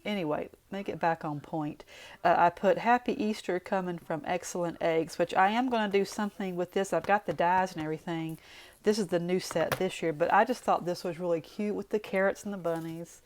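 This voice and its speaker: A woman with a Southern US drawl walks through her craft project in a relaxed, folksy tutorial. Her speaking voice sits on the low side, and she drifts into friendly, rambling asides as she works. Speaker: card-making vlogger.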